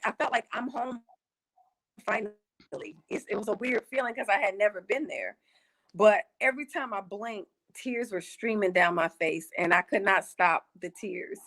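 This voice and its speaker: A woman's voice: mid-range voice, a bit bright, poor audio. Emotional woman on a video call. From United States. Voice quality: emotional, halting with many restarts. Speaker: interview guest. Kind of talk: casual remote interview.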